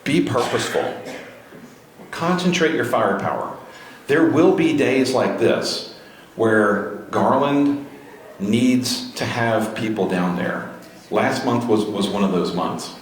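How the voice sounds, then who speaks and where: At a grassroots political gathering, a man gives a motivational talk to a crowd in an event room, rallying them with repeated questions. His mid-range voice is animated and slow. The very echoey room carries faint noise.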